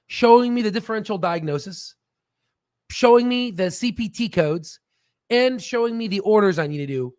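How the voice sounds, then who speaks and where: High-voiced rambling stock commentator man. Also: no room sound. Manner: rambling, jokey, keeps asking "right?". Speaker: stock market video host.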